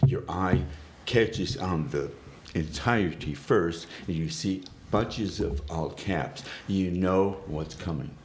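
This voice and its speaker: A man's voice: low voice, slow pace, hardly any pauses, darkish tone, slight background noise. A man co-hosting a podcast in casual chat, with a dry and teasing manner. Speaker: podcast co-host.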